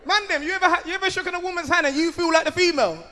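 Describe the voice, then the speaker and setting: A man doing loud, excitable stand-up storytelling. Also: very high voice, very fast, a faint crowd. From London. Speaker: stand-up comedian. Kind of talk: stand-up comedy.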